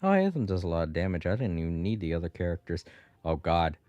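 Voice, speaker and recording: A man's voice: sits low, very animated, fast talker, darkish tone, no room sound, dull audio, soft background music. A man from the northern United States chatting casually as he plays a video game on stream, laughing to himself and easily surprised. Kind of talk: casual gameplay commentary.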